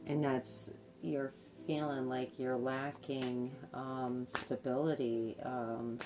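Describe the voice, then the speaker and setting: A woman's voice: very deep voice, level tone, slow, music in the background. A woman giving a tarot reading, speaking hesitantly with many fillers and repeated words. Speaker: tarot card reader. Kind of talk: intuitive tarot reading to camera.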